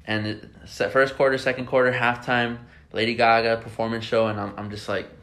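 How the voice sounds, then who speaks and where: A young man hosting a podcast, telling excitable, swear-filled stories in casual chat. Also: mid-range voice, fairly quick. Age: young adult. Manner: excitable storytelling, swears freely. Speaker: podcast host.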